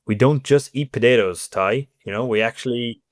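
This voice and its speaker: A man's voice: medium pitch, normal speed, dry recording, clean studio sound. Chatty Irish man from Cork. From Ireland. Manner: chatty, animated, lots of fillers like "you know". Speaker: guest. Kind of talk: casual interview chat.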